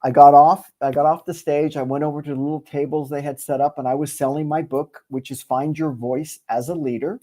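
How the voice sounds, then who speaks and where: A man tells a story in a conversational interview, his voice sitting a little high. He brings it to life by acting out the lines of the people in it. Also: fairly quick, hardly any pauses. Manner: animated storyteller, acts out quoted dialogue. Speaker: guest speaker and author. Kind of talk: conversational storytelling on a video call.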